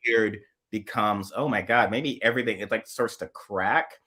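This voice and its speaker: Man co-host, low and bright-toned, rambling casual political talk. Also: moderate pace. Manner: rambling, restarts, trails off quietly.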